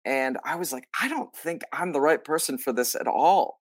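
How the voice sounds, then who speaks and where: A man, a stage actor, telling a story in a casual interview, lively and acting out what others said, with lots of filler "like"s. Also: on the high side, moderate pace, no echo, clean studio sound. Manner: animated, acts out quoted lines; many filler likes. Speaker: musical theater actor, guest.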